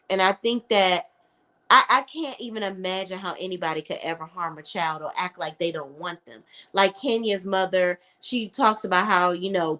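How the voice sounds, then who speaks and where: A woman's voice: lowish voice, a bit bright. Blunt chatty woman recapping reality TV. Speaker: reality TV reviewer. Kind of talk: casual chat recap.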